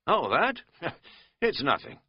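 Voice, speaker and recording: A man's voice: fairly high pitch, very animated, slow, gravelly, husky, dry recording, highs cut off, pitched above the performer's own voice, full character voice. A man voicing a rambling, folksy middle-aged American man who talks in a chatty, self-mocking drawl.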